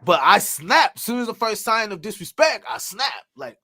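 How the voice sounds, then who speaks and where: A man with a somewhat high voice tells rowdy stories in a loose, casual chat. He is animated and profane, laughing often and acting out what others said. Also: normal speed. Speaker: podcast guest telling stories.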